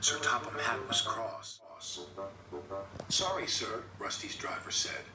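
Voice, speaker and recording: A man narrating a storybook reading in an expressive way, with a few slips. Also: mid-range voice, normal speed. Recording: roomy, distant, loud music behind.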